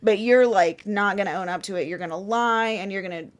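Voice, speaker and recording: A young woman co-hosting a casual podcast, explaining things with lively acted-out quotes and plenty of swearing. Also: medium pitch, a little fast. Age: young adult. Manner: animated storytelling with acted quotes, swears freely. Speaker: podcast guest co-host.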